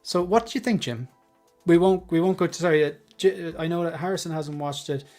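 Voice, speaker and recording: Male host, slightly high voice, jokey and loose, panel chat over faint music. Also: a little mellow. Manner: joking, quick asides to chat. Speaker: livestream host.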